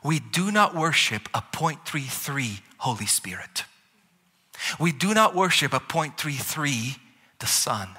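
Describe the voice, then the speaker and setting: A man preaching a sermon as pastor, lively and playful, with chuckles and asides to the congregation. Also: on the high side, slow, breathy edge. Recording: long hall reverb.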